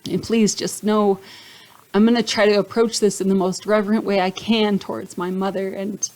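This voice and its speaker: A woman speaks to camera in a personal testimony vlog, her voice sitting at an ordinary middle pitch. She is earnest and heartfelt and keeps checking in with her viewers as she talks. She gets emotional and choked up easily. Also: flat delivery, moderate pace, a little mellow, low-quality recording. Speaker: vlogger sharing her faith testimony.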